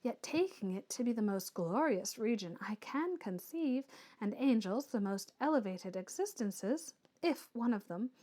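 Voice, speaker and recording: A woman reading aloud and voicing a proud, earnest young Swiss woman who speaks softly and with restraint. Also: fairly high pitch, lively intonation, unhurried.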